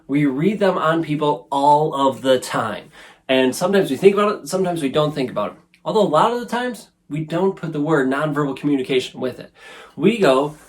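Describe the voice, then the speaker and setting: Speaking to a camera pointed at him, a show host in his thirties gives an earnest, conversational self-help talk, frequently tacking on "right?". His voice is a little high, expressive and brisk.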